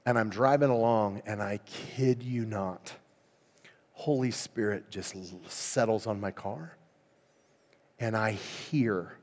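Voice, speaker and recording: A man preaching at a revival service, telling a story in a lively, conversational way and laughing often. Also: lowish voice, takes it slowly. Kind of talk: storytelling sermon. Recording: long reverb in a church hall.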